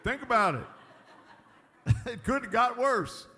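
A man's voice: extremely high pitch, animated, unhurried, pushed and bright, big-room sound. A man preaching a sermon in a folksy, emphatic way, often chuckling at his own points. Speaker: pastor.

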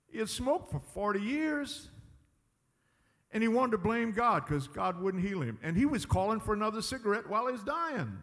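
A high-pitched man delivers a folksy sermon, rising into loud emphatic peaks and dropping to quiet asides. He chuckles between points, and his voice rings with the long reverb of a church hall. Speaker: pastor.

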